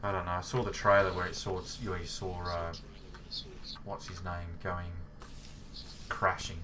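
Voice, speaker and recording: A man's voice: sits low, flat delivery, measured pace. A man with an Australian accent hosting a casual gaming chat, telling rambling anecdotes and laughing. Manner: rambling anecdotes, laughing, mimics voices in stories. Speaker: gaming channel host. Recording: distant mic with noticeable background noise.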